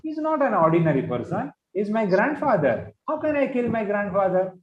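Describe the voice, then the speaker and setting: A man's voice: high voice, very animated, a little fast. A man voicing an indignant young male warrior prince who protests and defends himself. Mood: pleading. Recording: roomy, slightly dull sound.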